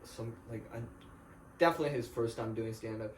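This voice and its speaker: A man's voice: medium pitch, brisk, slight background noise. A man who does stand-up, talking in a casual podcast chat and rambling through laid-back stories. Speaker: stand-up comic. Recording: echoey room, mic at a distance.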